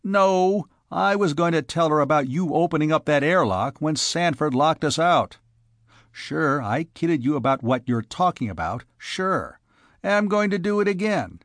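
A man reading an audiobook, voicing a big, gruff but good-natured chief. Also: a little high, expressive, unhurried, a bit bright, dry recording, studio quality, pitched above the performer's own voice.

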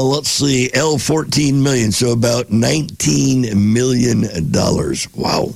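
Male podcast host, husky and raspy, reads then riffs with wisecracks. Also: medium pitch, slow, few pauses, a little mellow, dry recording. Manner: reads passages then jokes and reacts. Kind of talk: casual reading aloud with commentary.

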